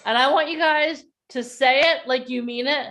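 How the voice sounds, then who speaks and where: A woman coaching participants on a video call, leading a guided breathing exercise and then a motivational talk, speaking calmly and softly at first. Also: high voice, normal speed. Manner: calm and soft in the breathing part. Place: outdoors or near the street in a neighborhood.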